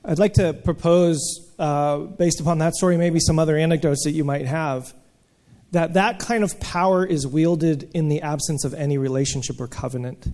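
A man with a mellow, somewhat high voice explains ideas to a congregation. He speaks in a measured, thoughtful way. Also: steady tone. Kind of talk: sermon dialogue.

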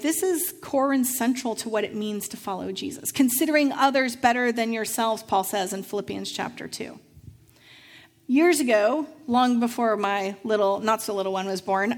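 A middle-aged woman pastor delivering a sermon, telling a lively personal story and acting out the voices of the people in it. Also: a little high. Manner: storytelling, acts out voices in anecdotes.

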